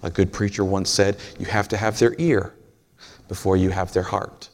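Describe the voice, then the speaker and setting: A man's voice: low voice, steady tone, normal speed. A man preaching a sermon in a folksy, storytelling way, joking with the congregation.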